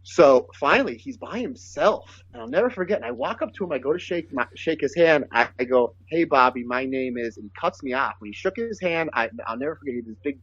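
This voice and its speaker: A man telling long, animated stories from his career, acting out what others said to him. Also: fairly high pitch, fast talker, hardly any pauses, husky, no echo, dull audio. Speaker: guest, pro wrestler. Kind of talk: casual storytelling.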